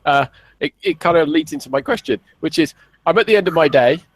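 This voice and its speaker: A man's voice: fairly high pitch, a little fast, no echo. A man, a caller from the UK, asking a question in a tired, hesitant way. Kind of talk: casual chat.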